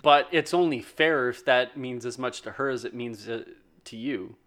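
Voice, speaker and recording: Mid-pitched man weighing in casually. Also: moderate pace, fairly bright tone. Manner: reasoning, repeats words as he starts. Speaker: podcast co-host. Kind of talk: casual chat.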